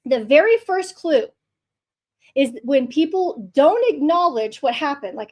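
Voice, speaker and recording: A woman's voice: high-pitched, big pitch swings, a little slow, warm tone. A woman hosting a podcast, giving a fired-up, blunt and profane monologue with lots of emphasis. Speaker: podcast host.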